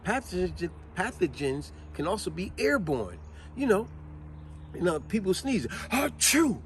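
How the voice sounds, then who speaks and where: Lively, high-voiced man talking to camera. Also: unhurried, slight background noise. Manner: animated storyteller who acts out quotes and sneezes. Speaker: vlog host. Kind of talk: casual explanatory talk.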